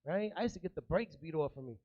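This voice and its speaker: High-voiced man doing stand-up comedy. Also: expressive, fast, no echo, highs cut off. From New York. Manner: streetwise, loose, chatty, working the crowd.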